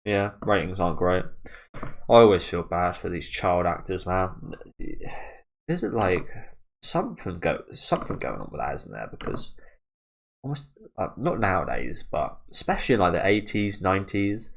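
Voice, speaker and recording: A man's voice: low voice, very animated, normal speed, creaky. A young British man giving loose, rambling commentary as he reacts to a manga, swearing freely and laughing at himself. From Britain.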